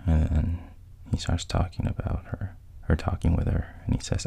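Deep gravelly man retelling a film plot. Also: level tone, fairly quick, warm tone. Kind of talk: casual spoken retelling.

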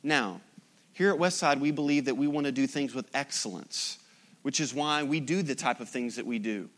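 A man's voice: medium pitch, moderate pace, fairly bright tone. A man preaching a sermon as pastor, emphatic, with rhetorical repetition.

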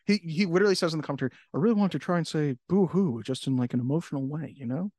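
A man's voice: fairly high pitch, rapid-fire, darkish tone, dry recording, clean studio sound. A man co-hosting a podcast in casual chat, laughing often and acting out quotes. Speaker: podcast co-host.

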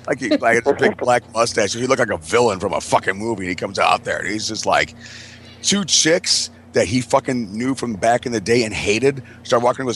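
A man's voice: mid-range voice, animated, fairly quick, a bit bright, slight background noise. A man telling a rambling, profane story in casual chat as a podcast host, laughing as he goes.

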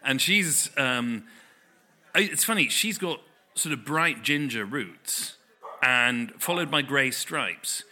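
Brief: male podcast host, playful and rambling, bright and animated delivery. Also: medium pitch, takes it slowly. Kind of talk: casual chat.

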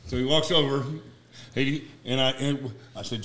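Loud, profane man with a bright voice. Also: medium pitch, a little fast. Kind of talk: casual storytelling chat.

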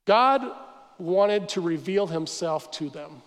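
A man preaching a sermon as pastor, telling the story with animated asides and acting out the crowd's complaints. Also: high-pitched, takes it slowly. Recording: church hall reverb.

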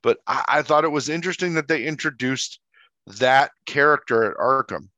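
A man's voice: medium pitch, normal speed, sharp tone, dry recording. A man co-hosting a casual movie-review podcast, chatty and teasing as he tells stories. His voice sits in a mid range. The recording is dry and slightly dull. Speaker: podcast co-host.

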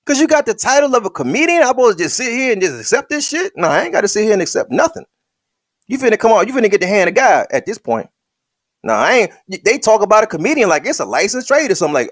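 High, lively-voiced man ranting. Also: fast talker, no echo, studio quality. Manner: heated, profane, emphatic and repetitive; addresses the listener directly, colloquial. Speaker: online commentator. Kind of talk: opinionated commentary rant.

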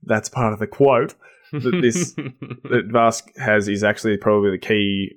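A man's voice: on the low side, fairly even intonation, a little slow. A man co-hosting a podcast in casual chat, enthusiastic and laughing often, with many fillers and restarts. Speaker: podcast co-host.

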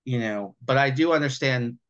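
A man co-hosting a podcast who talks a film over in casual chat, swearing freely and acting out the characters' lines in quick little voices. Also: medium pitch, lo-fi sound. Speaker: podcast co-host.

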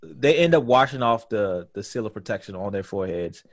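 A man's voice: fairly low pitch, lively intonation, a little fast. A man co-hosting a podcast, casually recapping a TV episode as a loose story full of profanity. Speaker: podcast co-host.

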